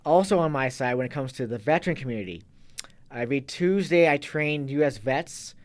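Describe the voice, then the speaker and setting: A man's voice: mid-range voice, fairly quick. A man in a casual interview talks as a fitness coach in a mid-range voice. His talk is loose and rambling. He often breaks off and restarts his sentences. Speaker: guest, fitness and kettlebell coach.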